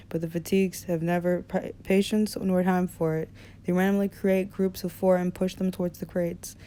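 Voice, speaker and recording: A woman narrating an audiobook in a relaxed reading style, with small slips and restarts. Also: on the low side, smooth. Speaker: audiobook reader.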